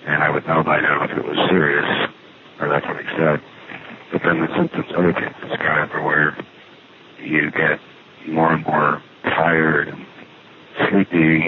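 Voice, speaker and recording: Flat low man on a noisy phone. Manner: dry, rambling, matter-of-fact. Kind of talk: casual phone monologue. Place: at an outdoor payphone. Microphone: phone handset. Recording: tinny phone line with noise.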